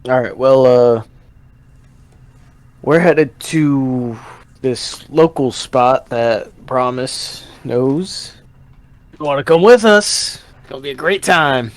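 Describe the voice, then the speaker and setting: A man voicing an easygoing young rancher who talks in a relaxed, joking way. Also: medium pitch, slow, dry recording, close to an everyday voice. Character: young male rancher hiring hands, easygoing.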